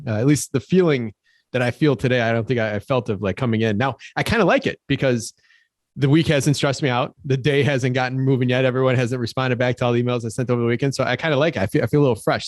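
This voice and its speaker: A man's voice: mid-range voice, dry recording, clean studio sound. A middle-aged man, co-hosting a podcast in casual chat, upbeat and often repeating words as he thinks. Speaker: podcast co-host.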